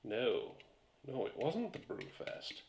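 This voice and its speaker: A man's voice: mid-range voice, sing-song, takes it slowly, creaky, darkish tone. A man rambling casually through a beer review vlog, a few beers in and swearing now and then.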